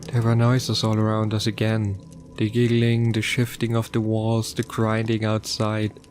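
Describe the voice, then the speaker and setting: Male horror narrator, low register, somber, measured first-person reading. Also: monotone, darkish tone, slight background noise. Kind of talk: scripted horror story narration.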